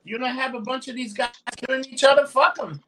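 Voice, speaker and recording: A man's voice: very high-pitched, steady tone, fast, sharp tone, far from the mic, slight background noise. A man with a New York accent co-hosting a casual chat show, blunt and profane, laughing often. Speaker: podcast host.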